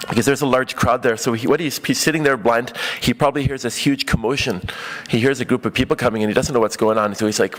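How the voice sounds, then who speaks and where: A man preaching a conversational sermon, talking casually with many fillers and acting out the voices he quotes. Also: mid-range voice.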